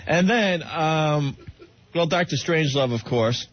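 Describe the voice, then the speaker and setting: A man's voice: on the high side, measured pace. A man co-hosting a radio show, casually chatting and prompting the conversation. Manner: easygoing, prompting, laughs along. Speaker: radio host. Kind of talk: casual talk-radio chat. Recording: muffled radio broadcast.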